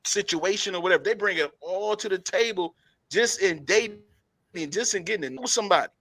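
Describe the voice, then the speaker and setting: A man's voice: high-pitched, a little fast. A man co-hosting a casual talk show, telling stories with laughs and repetition. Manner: animated storytelling, laughs often, repeats himself. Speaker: podcast co-host. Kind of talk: casual chat.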